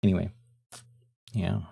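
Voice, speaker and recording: A young man's warm, deep morning voice carries a husky edge as he chats easily on a live stream, frequently drifting off into fillers.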